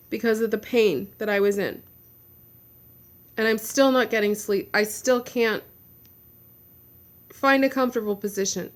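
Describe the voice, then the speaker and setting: A woman's voice: a little high, steady tone, normal speed. A woman giving a personal video update, venting in a frustrated, blunt rant with some swearing. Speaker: vlogger.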